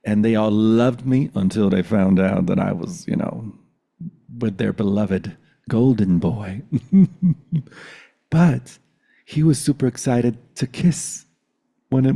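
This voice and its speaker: A man's voice: fairly low pitch, creaky, mellow. A man in his forties telling a personal story in a reflective, meditative way on a video call, often laughing. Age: 40s.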